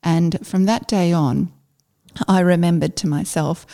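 A middle-aged woman, a former army officer, telling a story in casual conversation, halting and full of fillers. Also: fairly low pitch, steady tone, gravelly, warm tone. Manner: halting, with many fillers and restarts.

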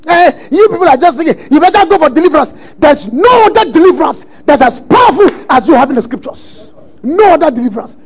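A man preaching a sermon, emphatic and often shouting lines as he acts out quotes. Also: very high voice, animated, a little fast, creaky.

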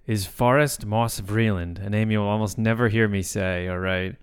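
A man's voice: on the low side, steady tone, normal speed, clean tone. A man co-hosting a podcast in casual chat, rambling and self-mocking, often slipping into silly voices, recording indoors at night. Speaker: podcast co-host.

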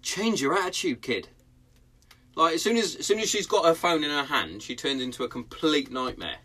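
A man's voice: fairly high pitch, very animated, a little fast, bright, forceful tone, slightly rough. A man in his thirties hosting a casual podcast from his garden shed, blunt and sweary in his banter. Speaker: podcast host. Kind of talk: casual chat.

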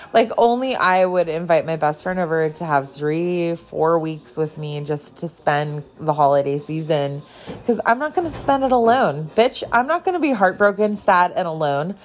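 Woman host, lower voice, chatty and profane, rambling casual talk. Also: expressive, moderate pace. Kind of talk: casual chat.

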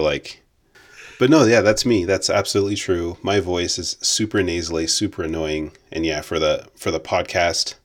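A young man co-hosting a podcast in casual, jokey chat, laughing often and using lots of fillers. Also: low-pitched. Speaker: podcast co-host.

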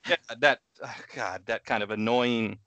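A man's voice: medium pitch, measured pace, sharp tone, dry recording, muffled recording. A man co-hosting a casual podcast chat, rambling, trailing off and laughing often. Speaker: podcast co-host.

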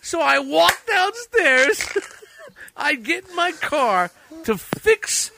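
A man's voice: very high-pitched, very animated, very slow, vocal fry, noisy background. A man telling a story in casual chat, rambling, swearing and repeating himself, a little out of breath. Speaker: storyteller friend.

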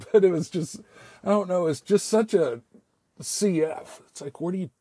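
Guy rambling thru a story, cussing, kinda raspy, low warm tone. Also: dry recording. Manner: rambling, profane, quotes people with "I was like". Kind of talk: casual spoken anecdote.

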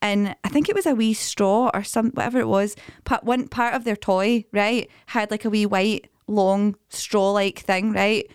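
A woman's voice: mid-range voice, fairly even intonation, moderate pace, few pauses, smooth, no echo, clean studio sound. A woman co-hosting a podcast, telling funny family stories in casual chat and laughing often. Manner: chatty storytelling, laughs often. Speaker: podcast co-host.

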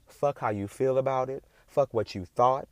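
A man's voice: medium pitch, moderate pace, darkish tone, no echo, clean studio sound. A man in a casual, heated monologue, talking in a profane, emphatic and indignant way.

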